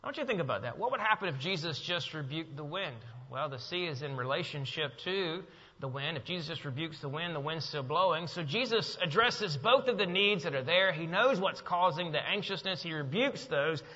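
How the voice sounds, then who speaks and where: A man preaching a sermon as pastor, swinging from loud, emphatic bursts to quiet, low passages. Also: animated, brisk. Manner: preaching with rising, emphatic bursts and soft drops. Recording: dull sound with long hall reverb.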